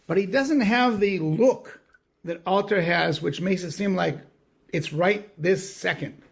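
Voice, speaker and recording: A man taking part in an online study class, reading translations aloud and commenting in a measured way. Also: high-pitched, gravelly. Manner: measured, reads quotes slowly. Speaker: class participant. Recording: video call audio.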